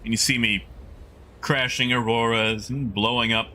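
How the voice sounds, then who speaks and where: A man's voice: mid-range voice, fairly even intonation, moderate pace, bright, forceful tone, slight background noise. A man streaming a game live, chatting casually and rambling as he muses aloud to his chat.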